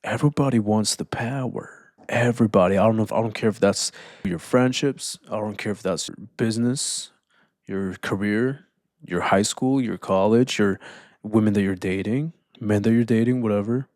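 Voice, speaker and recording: Guy talking calmly to camera bout confidence, laid back, says man a lot, dead dry room. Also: on the low side, no room sound. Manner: calm, deliberate, slows down for emphasis; casual, says "man" often. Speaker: self-improvement speaker. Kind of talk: motivational talk to camera.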